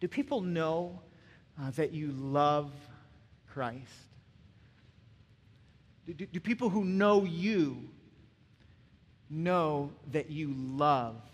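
A male pastor giving a conversational sermon, often checking in with the listeners with a quick "right?". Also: fairly high pitch, lively intonation, long reverb tail. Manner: conversational, frequent "right?" asides.

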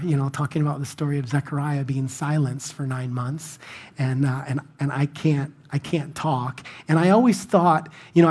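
A man's voice: on the high side, darkish tone. A man preaching a sermon in a conversational, self-deprecating storytelling manner. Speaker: pastor.

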